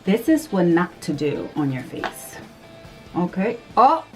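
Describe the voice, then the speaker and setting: A woman's voice: a little high, unhurried, vocal fry, faint music behind. Jittery, squealing young-sounding woman vlogger. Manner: nervous, excitable, squealing and gasping. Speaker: beauty vlogger. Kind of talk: casual makeup tutorial chat.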